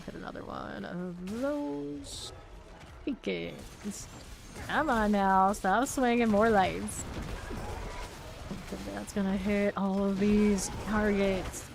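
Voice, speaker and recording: A woman's voice: mid-range voice, slow, vocal fry, noisy background. A young woman streaming a game, chatting casually with viewers, answering chat and laughing easily while she plays.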